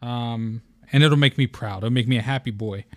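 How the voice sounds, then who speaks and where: A young man hosts his own podcast with a scatterbrained, excitable energy, rambling and swearing freely. His voice sits at an ordinary middle pitch. The sound is dry and close to the mic. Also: moderate pace, no echo. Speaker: podcast host. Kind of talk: casual solo podcast chat.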